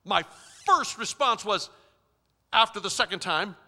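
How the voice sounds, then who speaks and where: Emphatic male preacher with a high, piercing bright voice, in a hall with long reverb. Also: animated, a little slow. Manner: emphatic, dramatic shifts in loudness. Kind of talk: storytelling sermon.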